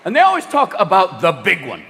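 A man performing a stand-up comedy routine, loud and profane, jumping into exaggerated character voices. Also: high voice, wildly swooping pitch, brisk, gravelly, some chatter behind. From lives in California. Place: stage before a live audience. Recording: live stage recording, audience and hall reverb.

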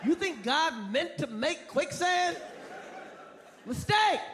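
A man doing a stand-up routine on a club stage, profane and animated, shouting his punchlines over a laughing crowd. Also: extremely high pitch, a little slow. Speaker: stand-up comedian. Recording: live crowd laughter and noise.

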